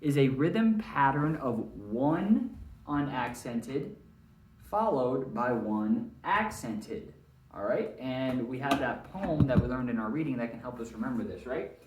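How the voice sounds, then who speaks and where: A man's voice: mid-range voice, animated, a little slow, slight background noise. A man teaching a recorded lesson to students in a friendly way, often checking in with "all right?". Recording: roomy, mic at a distance.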